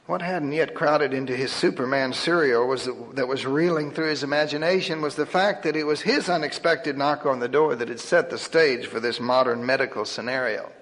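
A man reading a humorous story aloud in a wry, lively storytelling manner. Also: mid-range voice, normal speed, few pauses. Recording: long hall reverb.

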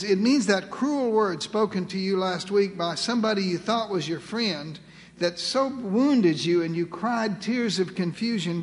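In a large, reverberant hall, a man with a high voice gives a sermon as pastor. He is earnest, slowing for emphasis and returning to key phrases, and his voice fades into the lingering echo.

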